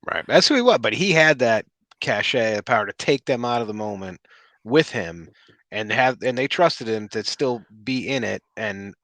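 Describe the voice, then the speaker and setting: A man's voice: medium pitch, animated, moderate pace, fairly bright tone, no room sound. A man co-hosting a sports talk show, speaking casually with hesitant restarts. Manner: hesitant, many fillers and restarts. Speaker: podcast co-host.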